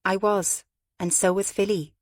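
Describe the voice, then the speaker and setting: A woman's voice: mid-range voice, steady tone, measured pace, dry recording, studio quality, close to an everyday voice. A woman reading as a haughty, stiffly polite woman. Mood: cool. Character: cool, haughty professional woman, composed.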